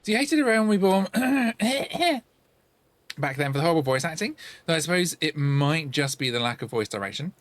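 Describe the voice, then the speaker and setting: A man chats casually with his viewers while he plays, answering questions and reacting out loud. His voice sits a little high and swings widely in pitch, with playful sing-song asides. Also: very animated, moderate pace, no echo. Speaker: streamer.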